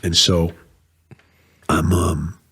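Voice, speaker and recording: A man's voice: sits low, level tone, extremely slow, fairly bright tone, slightly rough. An older man from New England, a retired Marine colonel, telling rambling stories in a casual interview, with frequent restarts.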